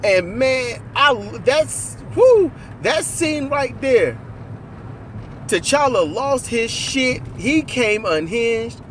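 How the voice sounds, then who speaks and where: A man in casual, animated conversation about a movie, riffing with profanity and acting out lines while riding in a car. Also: very high voice, drawn-out words, slight background noise. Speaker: co-host.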